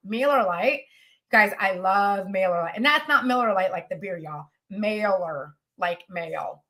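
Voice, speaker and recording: A woman business coach, teaching in a chatty, animated way during a live coaching session. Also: on the high side. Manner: chatty, animated, says y'all.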